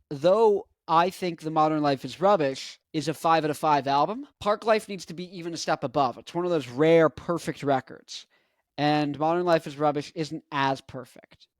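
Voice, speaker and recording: A man in his twenties chatting casually and excitably on a video, joking and breaking into snatches of song. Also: fairly high pitch, dry recording, studio quality. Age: 20s. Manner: excitable, jokey, sings snatches and does mock accents. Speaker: vlogger. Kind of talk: casual chat. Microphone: handheld mic.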